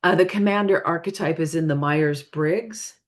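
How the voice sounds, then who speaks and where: A woman giving a spiritual reading in a casual, hesitant way, apologizing often, her voice tired and straining. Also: sits low. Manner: hesitant, apologetic, halting with many fillers. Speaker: spiritual reader.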